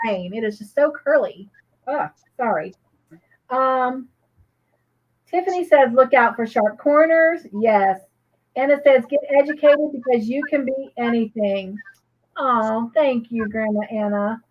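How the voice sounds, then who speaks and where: A woman's voice: a little high, a little slow, lo-fi sound. A woman co-hosting a live crochet show, chatting casually and reading viewers' comments aloud with gushing reactions.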